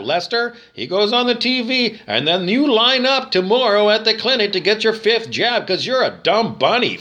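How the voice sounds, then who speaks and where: A man's voice: extremely high pitch, bright, forceful tone. A man from Canada ranting to the camera, agitated and profane, repeating himself and firing off rhetorical questions. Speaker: video monologue speaker.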